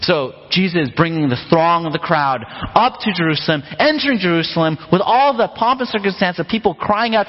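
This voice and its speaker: A pastor preaching a sermon in a relaxed, conversational way, often asking the congregation rhetorical questions. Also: male voice, sits high, a little fast, hardly any pauses. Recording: long hall reverb, dull lo-fi sound.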